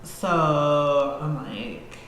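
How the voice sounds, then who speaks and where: A woman guest on a podcast telling a story casually, animated and swearing freely as she acts out scenes. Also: low voice, extremely slow. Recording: echoey hall-like room with faint noise.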